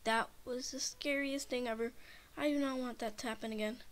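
High-voiced, frightened woman gamer. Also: fairly even intonation, a little fast. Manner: frightened, rambling, repeats herself. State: shaken, nervous. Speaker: gamer, channel host. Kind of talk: casual gameplay commentary.

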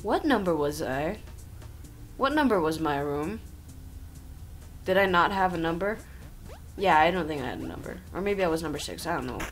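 A woman with a lowish voice that swings widely up and down as she rambles through a game playthrough. She tosses sarcastic jokes at the characters on screen, speaking into a desk mic with faint game music behind her. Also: animated, moderate pace, pauses often. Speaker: gameplay commentator. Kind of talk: playthrough commentary. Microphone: own desk microphone.

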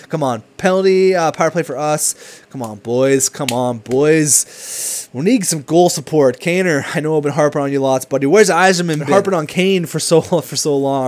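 Young male gamer, slightly high voice, hyped and cursing at the screen, loose casual commentary. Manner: excitable, swings from hype to frustrated swearing. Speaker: gaming commentator.

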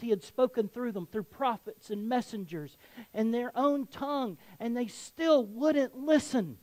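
A man's voice: extremely high pitch, a little mellow, no room sound, rough recording. A man with a Southern US accent preaching a sermon to his congregation, conversational with joking asides. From Southern United States. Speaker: pastor. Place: church sanctuary.

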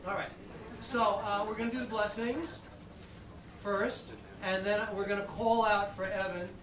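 A man's voice: high voice, fairly even intonation, unhurried. A man leading a shofar service as cantor, chatty and joking as he conducts the congregation. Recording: echoey hall, far from the mic, noisy.

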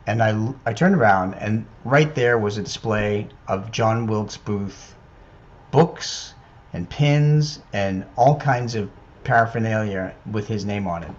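A man's voice: mid-range voice, slow. Hesitant man, muffled call audio. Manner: hesitant, many ums and restarts. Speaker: medium and paranormal investigator. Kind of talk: casual video chat storytelling.

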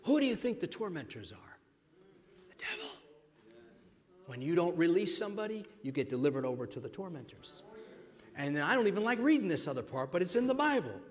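High-voiced preaching man, hall reverb. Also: sing-song, brisk. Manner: emphatic preaching, swinging from loud to hushed; addresses the congregation directly as friends. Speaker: pastor. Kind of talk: sermon. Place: church sanctuary.

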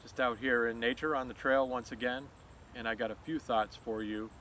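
A man's voice: mid-range voice, level tone, fairly bright tone, a little hiss or hum, poor audio. Man musing aloud on a trail. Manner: thoughtful, unhurried, with fillers and restarts. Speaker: host. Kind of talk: reflective walk-and-talk monologue. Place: outdoors on a nature trail.

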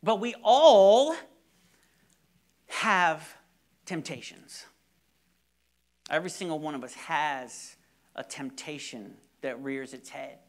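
A man's voice: fairly high pitch, slow pace, long pauses. A young man preaching a sermon, telling stories animatedly with repeated words and sudden drops to near-whispers. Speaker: pastor.

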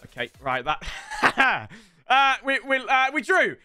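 Excitable high-voiced gamer. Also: male voice, slow pace, smooth, no room sound, soft background music. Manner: excitable, banter-filled and loud, swinging into mock impressions. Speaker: gaming streamer. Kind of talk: live game commentary.

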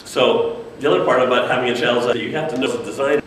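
In an echoey, distant room recording with slight background noise, a man gives a casual talk to an audience about designing media for children. He speaks quickly in a mid-range voice, animatedly acting out the voices of kids and characters.

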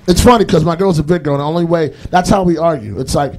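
A man's voice: a little high, fast talker, hardly any pauses, a little mellow. A young man with a Boston accent doing a rambling stand-up comedy set on a live stage, full of fillers and put-on voices. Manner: rambling, lots of fillers, puts on voices for bits.

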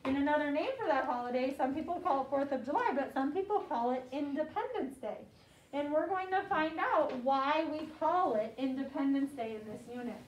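A woman teaching second graders, saying words slowly and clearly for the class to repeat. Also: high-pitched, animated, slight background noise. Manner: slow, clear call-and-response teaching. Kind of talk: classroom vocabulary lesson. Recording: echoey classroom mic from far off.

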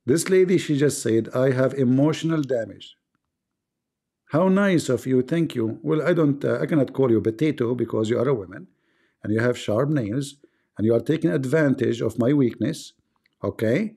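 Gravelly mellow guy w a foreign accent, joking around on a livestream. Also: mid-range voice, normal speed. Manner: joking and teasing, often laughing. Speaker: live stream host. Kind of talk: casual live stream chat, reading viewer comments.

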